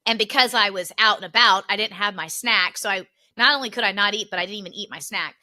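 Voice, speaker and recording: Bright, lively woman telling a story. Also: mid-range voice, quick pace. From Philadelphia area. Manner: animated storyteller, laughs often. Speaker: podcast co-host. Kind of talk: casual chat.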